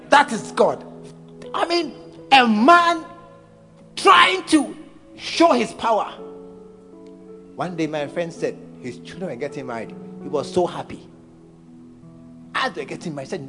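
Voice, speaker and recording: A man's voice: high-pitched, very animated, slow pace, pauses often, a bit bright, faint music behind. A man preaching a playful, storytelling sermon, laughing as he goes.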